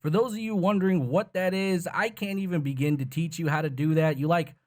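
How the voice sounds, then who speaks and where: A man's voice: fairly high pitch, fairly quick, darkish tone. A tired man hosting a gaming channel, explaining casually in a rambling, profane, self-deprecating way. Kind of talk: casual tutorial chat.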